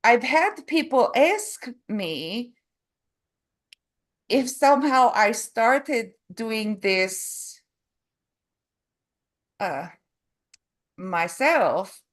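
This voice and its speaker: A woman interviewing in casual talk, with aphasia, halting and searching for her words. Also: fairly high pitch, very animated. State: has aphasia. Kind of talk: casual conversation.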